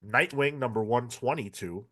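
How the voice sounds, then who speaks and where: A man's voice: medium pitch, normal speed, bright, forceful tone. A man co-hosting a casual live comics stream, exasperated and swearing as he laughs at himself. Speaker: podcast co-host.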